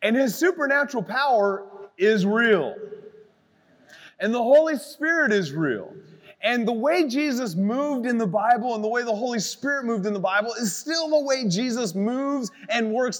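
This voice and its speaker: A man preaching a live youth sermon, animated and conversational, full of asides, to an audience in a church. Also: extremely high pitch, unhurried, big-room sound. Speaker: youth pastor.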